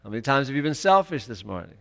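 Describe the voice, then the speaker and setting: A man preaching a sermon in a church, emphatic and rising to loud exclamations. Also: mid-range voice, sing-song, fast talker, vocal fry. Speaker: pastor.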